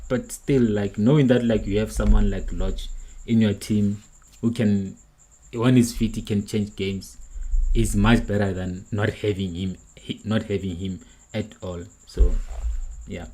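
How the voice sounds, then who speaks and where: A man's voice: lowish voice, mellow, low-quality recording. A young man hosting a football reaction stream, earnest and frustrated, repeating his points. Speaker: livestream host.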